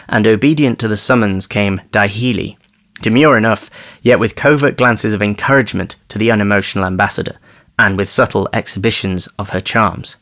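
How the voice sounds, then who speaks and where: A man narrating an audiobook thriller in a measured, wry storytelling manner. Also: on the low side, fairly bright tone. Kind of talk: scripted narration.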